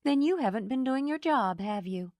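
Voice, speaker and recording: A woman's voice: high-pitched, lively intonation, normal speed, a little mellow, no echo, clean studio sound, pitched above the performer's own voice. A woman voicing a bold, blunt woman friend who teases and pushes. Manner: brash, pushy.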